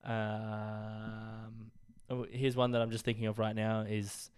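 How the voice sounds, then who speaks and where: Young Aussie host, low-pitched, loose and rambling with lots of fillers, a bit croaky from illness. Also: male voice, monotone, takes it slowly, darkish tone. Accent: Australian. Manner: rambling, sweary, filler-heavy. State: getting over illness, coughing. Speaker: podcast host. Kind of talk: casual solo podcast talk.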